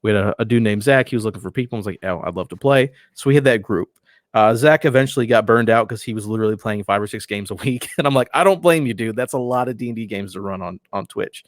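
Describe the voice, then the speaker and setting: A relaxed, enthusiastic man talking as a guest in a casual podcast interview, his phrases often trailing off softly. His voice sits somewhat low. The sound is close and dry, with no room around it. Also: quick pace, no room sound.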